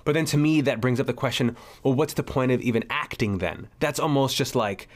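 A man's voice: medium pitch, fairly quick. A young man co-hosting a podcast who rambles and searches for his words. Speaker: podcast co-host, actor. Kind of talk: casual podcast chat.

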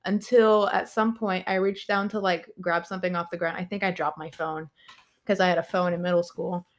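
A young adult woman telling a story as a podcast guest, animated, laughing often and swearing a lot. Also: on the low side, a little fast. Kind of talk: casual storytelling.

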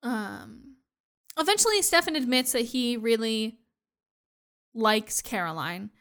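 A woman's voice: a little high, slow. A woman co-hosting a podcast, chatting casually as she recaps a TV episode and acts out characters' lines. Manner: animated, acts out quoted lines. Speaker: podcast co-host.

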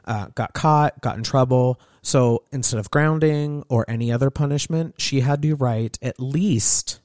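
A man's voice: medium pitch, dry recording, clean studio sound. A man who works as a hairstylist, telling stories in a casual podcast chat. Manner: storytelling, lively and chatty.

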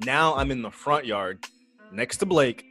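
A young man with a medium voice tells a rowdy party story on a casual podcast. He talks loosely, swears freely and laughs at his own mishaps. Soft music plays faintly in the background. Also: medium pitch, unhurried. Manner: animated, profane, laughing through a party story. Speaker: podcast co-host.

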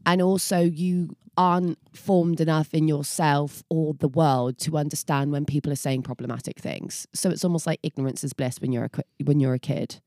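A woman's voice: deep voice, fairly even intonation, moderate pace, hardly any pauses, warm tone, no echo, clean studio sound. A woman co-hosting a podcast, talking bluntly and swearing freely in casual chat. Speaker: podcast co-host.

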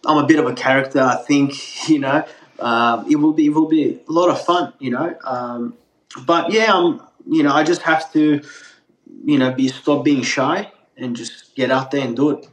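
A man's voice: fairly high pitch, normal speed, roomy sound. Turkish-accented man, rambling and chatty. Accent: Turkish with a slight Australian tinge. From Turkey. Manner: rambling, many fillers and restarts, laughs easily. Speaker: pizza maker, podcast guest. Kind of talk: casual podcast interview.

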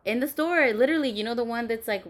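A woman's voice: a little high, quick pace. A young woman telling a personal story bluntly, with lots of swearing and fillers. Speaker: podcast host. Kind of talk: candid storytelling chat.

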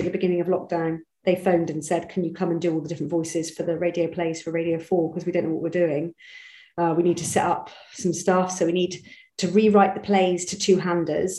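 A woman from Britain who works as an actor and audiobook narrator, answering interview questions in a chatty, animated way with quick restarts. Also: lowish voice, roomy sound, rough recording. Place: home studio.

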